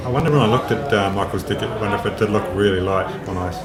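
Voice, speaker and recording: A man commentating live on a card game tournament, talking in halting bursts and restarting his sentences. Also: lowish voice. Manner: halting, restarts mid-thought. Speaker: stream commentator. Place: busy tournament hall. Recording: echoey venue, noisy crowd.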